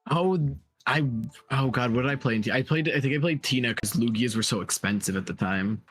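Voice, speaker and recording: A man's voice: mid-range voice, a little fast, a bit bright. Talkative male co-host who tells long rambling stories, casual stream chat over faint music. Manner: chatty, lots of "like", rambling stories.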